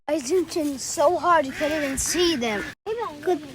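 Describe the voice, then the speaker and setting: A woman rambling in a jokey, excitable vlog, filmed on a handheld phone at an outdoor park. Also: high voice, measured pace. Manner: jokey, excitable, blurts out squeals and exclamations. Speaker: vlogger. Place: outdoor park on a sunny day.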